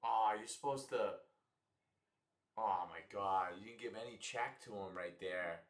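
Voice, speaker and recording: Man, live game reactions, excitable, repeats lines, roomy room sound, off the mic. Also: lowish voice, measured pace, recorded from a distance. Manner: excitable, exasperated, laughs often, repeats himself. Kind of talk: casual live football reaction.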